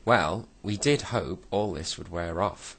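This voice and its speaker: A man doing Silky's sweet high doll voice. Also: slow, vocal fry, a bit bright, slightly rough, full character voice. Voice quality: high doll's voice. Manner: sweet and polite. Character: sweet, pretty female doll.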